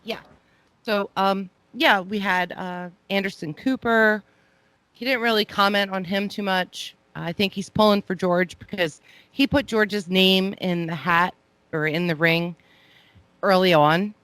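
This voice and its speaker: A podcast co-host chatting casually in a relaxed, matter-of-fact way. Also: mid-range voice, measured pace, smooth, no echo.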